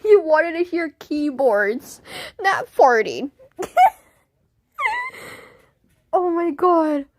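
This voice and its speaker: A woman's voice: sits high, big pitch swings, drawn-out words, pauses often, darkish tone, dry recording. A young woman chatting on a livestream, laughing constantly in a giggly, silly way. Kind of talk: casual livestream chat.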